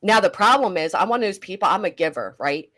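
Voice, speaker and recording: A middle-aged woman hosting a casual reaction chat, chatty and animated, swearing casually. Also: mid-range voice, fast talker. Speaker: commentary host.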